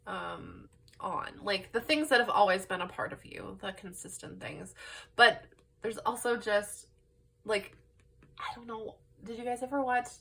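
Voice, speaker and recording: Bright-voiced young woman reading tarot. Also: mid-range voice, unhurried, gravelly, husky. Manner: excitable, rambling, full of "like" and "um". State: laugh-crying. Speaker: tarot reader. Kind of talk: casual pick-a-card tarot reading.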